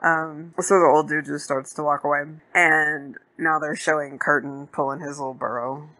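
A woman hosting a casual movie podcast. She retells the scene in slangy, profane talk, with a fairly low voice and a bright, forceful edge. Her delivery is animated and loose. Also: normal speed. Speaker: podcast host.

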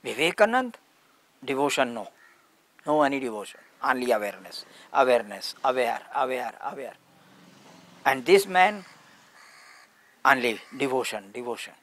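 Guy teaching at a satsang, slow simple english, says things over and over, middle pitch. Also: sing-song. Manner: slow, simple broken English with many repetitions. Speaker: spiritual teacher. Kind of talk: satsang storytelling.

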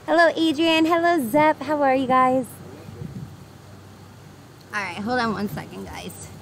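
A young woman with a New York accent chats upbeat and bubbly with her viewers, her voice sitting high. She is streaming outdoors by the water, and loud ambience with passing traffic runs under her. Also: a little slow, gravelly. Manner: bubbly, upbeat, greets chatters by name, laughs often. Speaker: livestreamer. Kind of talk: casual live-stream chat with viewers.

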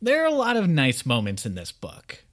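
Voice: medium pitch, wildly swooping pitch, moderate pace, soft background music. A podcast co-host discussing a book thoughtfully, sometimes repeating words while thinking.

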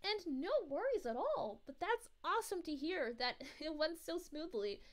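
Daisy, bubbly high princess, as a woman plays her. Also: sing-song, normal speed. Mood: cheerful. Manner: bubbly, giggly, coos at viewers. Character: cheerful young adult princess, sweet and giggly. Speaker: VTuber streamer. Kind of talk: livestream chat Q&A in character.

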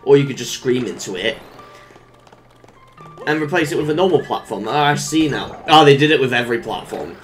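A let's play commentator giving casual gameplay commentary, humming little made-up tunes, cooing at the game characters like pets and letting out sudden excited yelps and laughs. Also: medium pitch, brisk, pauses often, faint music behind. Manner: hums little made-up tunes while playing.

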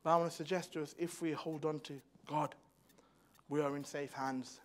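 A young man preaching a sermon in a church, moving from hushed personal storytelling to loud, fervent exhortation. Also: a little high, fairly even intonation, normal speed. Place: church hall.

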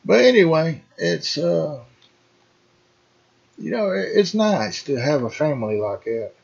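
Slow, husky man chatting with viewers. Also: fairly high pitch, wildly swooping pitch, a little mellow, highs cut off. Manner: slow, rambling, folksy, addresses viewers as folks. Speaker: gaming channel host. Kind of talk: casual farming game commentary.

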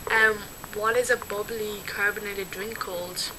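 A young woman from Dublin with a clear Dublin Irish accent, chatting her way through an accent challenge. She giggles and fills gaps with "um," and her voice sits at an ordinary middle pitch. The home recording has steady background noise and some clicks. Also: measured pace. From Dublin, Ireland. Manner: chatty, giggly, scattered with fillers. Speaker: vlogger. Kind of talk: casual word-list accent challenge.

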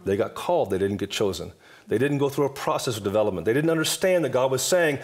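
A man's voice: mid-range voice, expressive, quick pace. A man in his fifties, a guest minister, talking in an emphatic, repetitive preaching cadence during a table talk. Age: 50s.

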